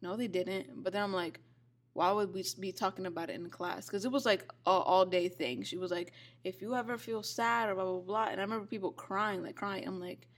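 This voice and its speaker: A woman's voice: lowish voice, steady tone, a little fast. A young woman co-hosting a casual podcast, chatting loosely and hedging often as she recalls things. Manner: chatty, hedging, unsure of her memories. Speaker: podcast co-host. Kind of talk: casual chat.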